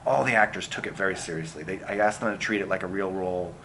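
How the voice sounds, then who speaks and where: A middle-aged man, a film director, answering interview questions in an animated way with many fillers and restarts. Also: low-pitched, fast, vocal fry, a little hiss or hum.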